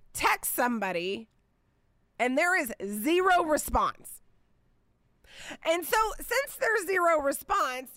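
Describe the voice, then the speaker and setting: A woman in her forties gives a relaxed Bible teaching on her podcast. She talks in a chatty, expressive way with playful asides, her voice sitting somewhat high. The sound is close and dry, with no room echo. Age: 40s.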